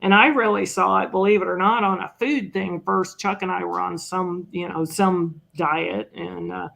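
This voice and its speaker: An older woman guesting on a recovery podcast tells personal stories in a chatty, self-mocking way, sprinkling in frequent "you know"s and quick laughs. Her lowish voice is gravelly, steady in tone, and a bit bright.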